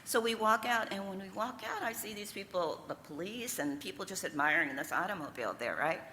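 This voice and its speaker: An older woman from the American South with a Southern accent, telling personal stories as a panel speaker, lively and laughing often. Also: mid-range voice, brisk, a little hiss or hum. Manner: lively, laughing, asks the audience "okay?" and "right?". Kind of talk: storytelling talk with slides. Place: lecture room. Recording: reverberant hall, faint ambience.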